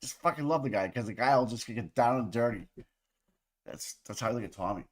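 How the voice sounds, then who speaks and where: A man hosting a livestream who talks in a loose, rambling way and swears freely. His pitch sits right in the middle for a man, and his delivery is casual chat with the audience. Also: fairly quick. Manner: profane, rambling, chatty. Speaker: livestream co-host.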